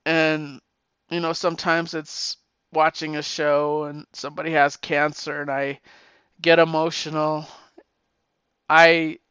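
A middle-aged man and podcaster giving a heartfelt, emotional message, halting and repeating his words, tearful at times. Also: a little high, sharp tone, clear, resonant tone, no room sound, dull audio.

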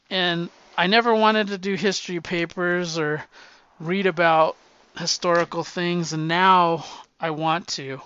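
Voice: mid-range voice, a bit bright, smooth, no echo. A person in their fifties talking candidly in a rambling, profane monologue, with frequent restarts and sounding slightly winded. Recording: dull lo-fi sound.

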